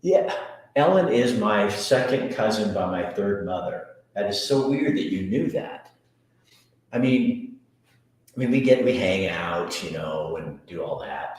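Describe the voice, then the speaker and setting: A man from Montana with a low, darkish-toned voice hosts a casual live chat show, reading viewer comments aloud. He answers them in a joking, rambling, self-mocking way, and the room sounds very echoey.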